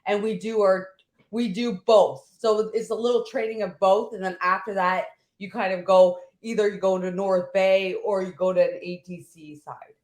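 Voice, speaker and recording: A woman's voice: mid-range voice, fairly even intonation, normal speed, a little mellow. A woman co-hosting a veterans' podcast, chatting and explaining with many restarts. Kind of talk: casual conversation. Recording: roomy echo.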